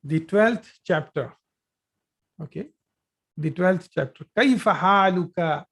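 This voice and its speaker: A man leads a live online Arabic grammar lesson, explaining each point patiently. He repeats example sentences and pauses often with fillers and restarts. He speaks into a computer mic on a video call. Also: high-pitched, a bit bright. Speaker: Arabic teacher.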